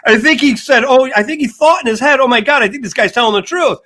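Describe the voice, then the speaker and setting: An older man co-hosting a casual sports talk show, telling an animated story and acting out the dialogue. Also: very high-pitched, quick pace, hardly any pauses. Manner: animated, acts out quoted dialogue. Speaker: co-host.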